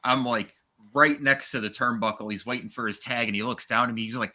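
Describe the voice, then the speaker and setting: Playful guy cohosting, really bright sharp voice, casual chat. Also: medium pitch, moderate pace. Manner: playful, joking. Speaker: co-host.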